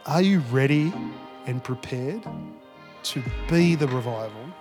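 A man preaching a sermon, swinging from loud urging to hushed storytelling. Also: medium pitch, lively intonation, measured pace, long reverb tail, music in the background. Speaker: pastor.

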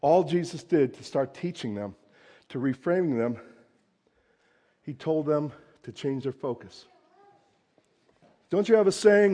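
A pastor giving a conversational sermon, swinging between loud emphasis and hushed asides. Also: male voice, fairly high pitch, animated, moderate pace, long pauses.

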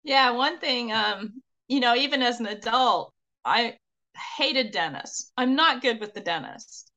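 A woman guest on a podcast, a courage coach, telling stories in a lively, laughing way. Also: a little high, unhurried, dull audio. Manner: animated, laughs often while telling stories. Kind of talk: casual storytelling interview.

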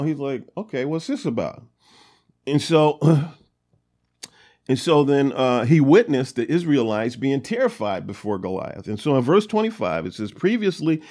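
Hosting a casual Bible study, a man with a medium, slightly mellow voice reads scripture out loud. He then retells the passages in a relaxed, chatty way peppered with fillers.

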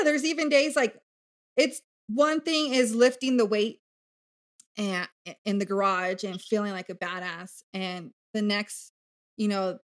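A woman speaking as a podcast guest in candid, casual conversation, animated and blunt, swearing freely. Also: medium pitch. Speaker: podcast guest, bariatric coach.

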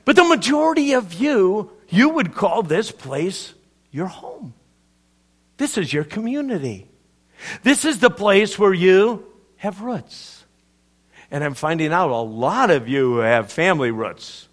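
Pastor guy preaching sunday sermon, high voice, slow and deliberate. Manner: animated, conversational preaching. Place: church service.

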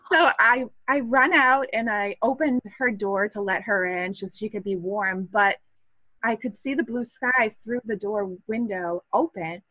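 A woman's voice: on the high side, sharp tone, poor audio. A woman in her thirties from Massachusetts, a podcast guest talking earnestly and reflectively about her photography and children, with some restarts. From Massachusetts, USA. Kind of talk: casual interview chat.

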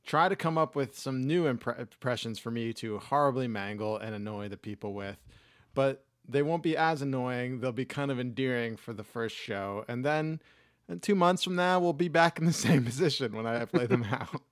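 A man's voice: mid-range voice, moderate pace, smooth. A man hosting a podcast in casual chat, rambling and poking fun at himself. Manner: rambling, self-mocking, bursts into loud voices. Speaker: podcast host.

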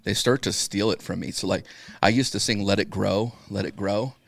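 Low-voiced rambling guest man. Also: moderate pace, vocal fry, dry recording. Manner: rambling, crude humor. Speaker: podcast guest. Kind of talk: casual comedic chat.

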